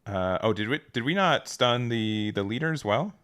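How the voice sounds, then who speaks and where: A man commentating a card game match in a casual, relaxed way, hedging often and restarting his sentences. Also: mid-range voice, moderate pace, clear, resonant tone.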